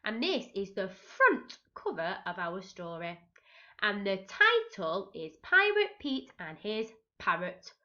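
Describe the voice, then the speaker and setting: A woman teacher reads a picture book aloud to very young children, pausing to gasp and ask them what comes next. Her voice is bright and her pace unhurried. The recording sounds dull and lo-fi. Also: medium pitch. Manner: expressive, gasping, asking children questions. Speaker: reception teacher.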